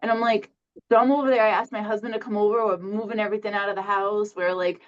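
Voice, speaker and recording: A woman co-hosting a podcast, chatting in a rapid, exclamatory way. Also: medium pitch, little pitch movement. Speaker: podcast co-host. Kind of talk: casual podcast chat. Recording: slightly dull lo-fi recording.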